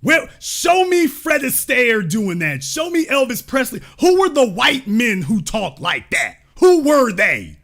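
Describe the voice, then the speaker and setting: A man's voice: very high voice, wildly swooping pitch, measured pace, few pauses, a bit bright. A man hosting a livestream, giving emphatic, preachy commentary with lots of rhetorical questions. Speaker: livestream show host.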